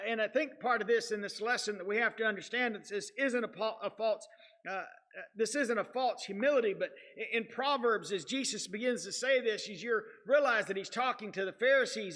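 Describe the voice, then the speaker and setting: A man's voice: high voice, sharp tone. A man with a Southern US accent teaching a Sunday school lesson in a church, earnest and repetitive, with frequent restarts and fillers. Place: church sanctuary.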